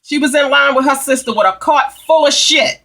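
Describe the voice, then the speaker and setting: A woman tells a heated story to her vlog viewers, swearing freely. Her voice is bright and sits a little high, and she presses every point hard. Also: fairly quick. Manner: heated, profane, emphatic storytelling. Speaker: vlogger. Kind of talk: angry storytime rant.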